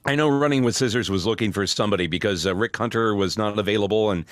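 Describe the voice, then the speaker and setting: A middle-aged male voice actor telling stories in a casual interview, snarky and animated. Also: on the low side, quick pace, no room sound, clean studio sound. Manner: storytelling, animated. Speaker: voice actor guest.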